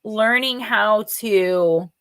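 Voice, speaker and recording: This woman speaks very slowly in a mid-range, slightly bright voice as she runs a live oracle card reading stream. Casual and chatty, she greets viewers by name, using loose fillers and occasional mild swearing.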